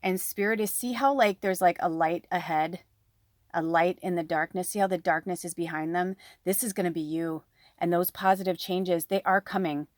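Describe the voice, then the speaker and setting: A woman's voice: lowish voice, steady tone, moderate pace, no echo. A middle-aged woman giving a chatty pick-a-card tarot reading, talking close to the microphone. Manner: chatty, breathy asides, close to the mic. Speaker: tarot reader.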